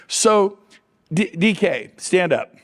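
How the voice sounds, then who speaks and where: A middle-aged man giving an energetic motivational talk on stage, quizzing and teasing his audience. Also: high voice, slow pace. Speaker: real estate coach on stage.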